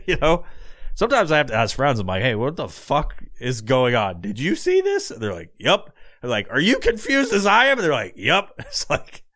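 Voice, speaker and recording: A man's voice: mid-range voice, fairly bright tone. A man hosting a podcast, talking alone in a rambling, profane, casual way and laughing often. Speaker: podcast host. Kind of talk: casual monologue.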